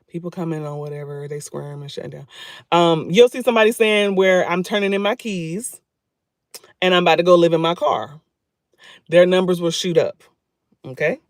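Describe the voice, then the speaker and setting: A man's voice: high voice, dry recording, clean studio sound. A man talking casually to his viewers on a livestream, repeating phrases for emphasis. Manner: chatty, talks straight to viewers. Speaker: YouTube livestreamer.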